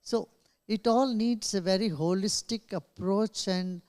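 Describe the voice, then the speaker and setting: A man answering questions at a press conference in a slow, measured way, pausing often with small laughs. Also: high voice. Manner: slow, measured, with many pauses and soft laughs. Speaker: invited speaker. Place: press club conference room.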